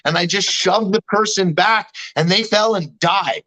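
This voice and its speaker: High-voiced man, candid and slangy. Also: moderate pace, hardly any pauses, sharp tone, rough recording. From Canada. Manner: candid, slangy, swears freely. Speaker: guest. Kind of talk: casual chat recounting a dream.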